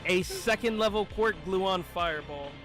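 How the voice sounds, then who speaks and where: A man's voice: high voice, normal speed, a bit bright, soft background music. A man playing a tabletop game, declaring his character's actions in a brash, swearing way. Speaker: player.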